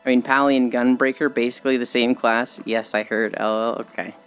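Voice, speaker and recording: A woman's voice: rumbling low, steady tone, brisk, smooth, muffled recording, soft background music. A woman streamer chatting casually and rambling with frequent giggles while she walks. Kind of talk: casual chat while walking.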